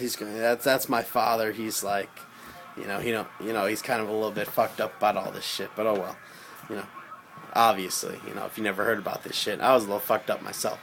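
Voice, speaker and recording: A man telling a personal story in casual, rambling speech, swearing freely and getting loud when he quotes himself. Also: fairly low pitch, steady tone, brisk. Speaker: storyteller recounting a personal experience.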